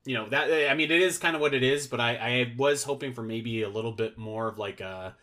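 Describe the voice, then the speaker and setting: A man's voice: medium pitch, brisk, bright, forceful tone. A man chatting casually as a podcast guest, rambling and filling his sentences with "like" and restarts. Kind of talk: casual chat.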